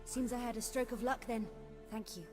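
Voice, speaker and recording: A woman's voice: a little high, a little fast, music in the background, lightly acted. An actress playing a curt fantasy village woman. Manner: flat, curt delivery. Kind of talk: video game dialogue.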